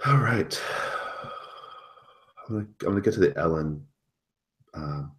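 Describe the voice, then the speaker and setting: A man's voice: low voice, lively intonation, a little slow, a bit bright. A man narrating a tabletop role-playing game as game master, casual and full of fillers, often checking in with "right?".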